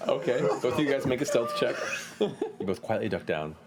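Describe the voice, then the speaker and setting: A man narrating a tabletop game as game master, animated and often laughing as he describes chaotic scenes. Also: medium pitch, normal speed, heavy background noise.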